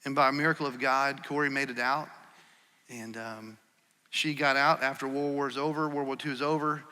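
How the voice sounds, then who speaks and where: A middle-aged man preaching a sermon, telling stories in a conversational way with many small pauses, dropping soft for quotes and swelling louder when stirred. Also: medium pitch, flat delivery, clean tone. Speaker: pastor. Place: church sanctuary. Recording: long church hall reverb.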